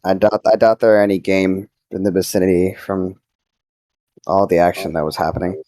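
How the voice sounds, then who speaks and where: A man's voice: deep voice, level tone, fairly quick, dark tone, dry recording. A man playing a tabletop role-playing game, bantering and laughing between rolls. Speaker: player. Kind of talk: tabletop role-play chat.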